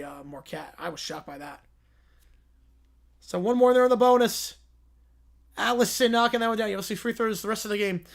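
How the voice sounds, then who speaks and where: A man with a worn, strained voice that keeps cracking, calling a basketball game live on a stream. He races through the action in a raised, excited rush. Between plays he answers viewers in quieter, lower asides. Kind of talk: live play-by-play reaction commentary.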